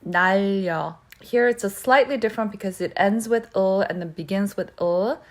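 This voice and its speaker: A woman teaching pronunciation who repeats words slowly and keeps checking in with "okay?". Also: medium pitch. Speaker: Korean language teacher. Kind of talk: pronunciation lesson.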